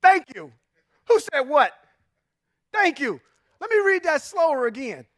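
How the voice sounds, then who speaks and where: A man's voice: very high voice, sing-song, measured pace, a bit bright, no room sound, clean studio sound. A man giving an informal Bible teaching, emphatic and full of rhetorical questions, chuckling often and saying "y'all". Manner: informal, says y'all and come on now. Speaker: religious teacher.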